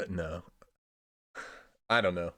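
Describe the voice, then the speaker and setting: Laid-back swearing man, low voice. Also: wildly swooping pitch, very slow, a bit bright. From Indiana, USA. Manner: laid-back, swears a lot, trails off with "I don't know". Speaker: streamer. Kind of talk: casual rambling chat.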